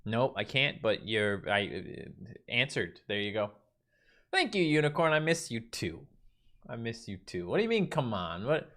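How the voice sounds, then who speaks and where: With big swings in pitch, this man's lowish, slightly bright voice moves at a moderate pace. He's a Newfoundland livestream host with the local accent, casually answering chat from a largely bare carpeted room.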